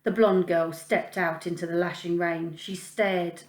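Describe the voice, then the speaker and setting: A woman teacher reading a children's novel aloud, in a calm, even storytelling manner. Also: lowish voice, a little slow. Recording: echoey room.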